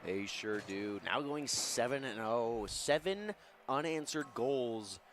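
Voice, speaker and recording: Esports co-caster guy, mid-pitch voice, chill and dry, noise humming behind him. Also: expressive, slow. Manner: laid-back, dry remarks, speeds up on plays. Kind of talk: color and play-by-play commentary.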